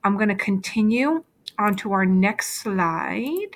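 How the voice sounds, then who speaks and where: A patient woman teacher walks young learners through a phonics lesson on shared slides, speaking into a computer mic at her desk. She explains each step slowly and keeps checking in with "okay?". Her voice sits at an ordinary middle pitch. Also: animated.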